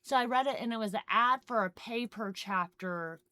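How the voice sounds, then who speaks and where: A woman's voice: on the high side, normal speed, bright, forceful tone. A woman in casual podcast chat, telling a story in a chatty way full of fillers.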